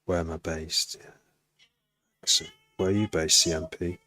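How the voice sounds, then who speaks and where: A very low-pitched man from Cheshire with a bright, forceful edge to his voice. He chats casually and rambles through asides as a music producer streaming his session. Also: fairly even intonation, a little slow. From Cheshire, England. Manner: rambling, chatty, full of asides. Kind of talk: casual livestream chat.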